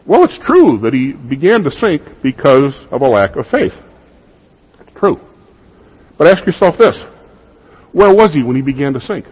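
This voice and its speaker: A man preaching a sermon in a husky voice, in a conversational style with rhetorical questions to the congregation, in what sounds like a church. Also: medium pitch, big pitch swings, measured pace, long pauses. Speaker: pastor. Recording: dull lo-fi recording.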